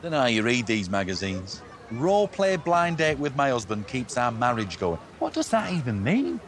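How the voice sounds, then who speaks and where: A man's voice: medium pitch, big pitch swings, moderate pace, natural voice. An actor playing a dry, sarcastic young adult son who is scornful of everything he hears. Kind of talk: sitcom acting.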